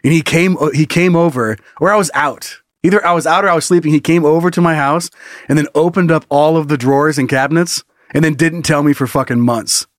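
A man's voice: fairly high pitch, dry recording, studio quality. A man co-hosting a comedy podcast, telling stories in casual, profane chat and laughing often. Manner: loose and profane, laughing often, quick bursts of story. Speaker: podcast co-host.

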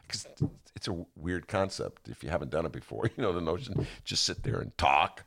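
A man's voice: low-pitched, big pitch swings, fairly quick, creaky, fairly bright tone. A man hosting a casual political talk show from his attic, rambling and restarting his sentences, often laughing. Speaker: podcast host. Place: home attic.

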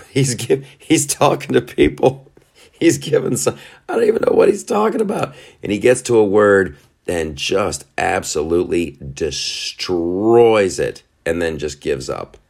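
A man's voice: rumbling low, creaky. A man hosting a podcast, rambling through casual commentary, often laughing at his own jokes. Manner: quick asides and restarts, animated. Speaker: podcast host.

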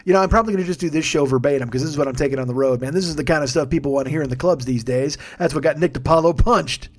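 A man hosts a late-night podcast as a worn-out stand-up, yawning, swearing a lot and poking fun at himself while he rambles through show plugs. He speaks rapid-fire in a slightly high voice.

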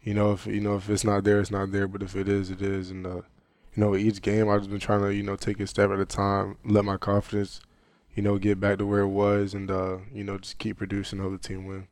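A young man, a college basketball player, answering interview questions casually and softly, filling his sentences with "you know". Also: lowish voice, completely flat delivery, a little fast, no echo. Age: young adult. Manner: soft-spoken, heavy on "you know" fillers.

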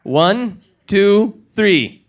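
A man's voice: high voice, lively intonation, drawn-out words. A man hosting a live comedy podcast on stage, playfully joking and laughing with the audience. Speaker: live comedy show host.

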